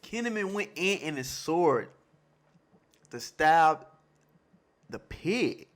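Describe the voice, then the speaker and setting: A man hosting a live manga reaction, reading panels aloud and reacting excitedly in loose, slangy casual talk, often repeating himself. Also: fairly high pitch, takes it slowly. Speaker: manga reaction channel host.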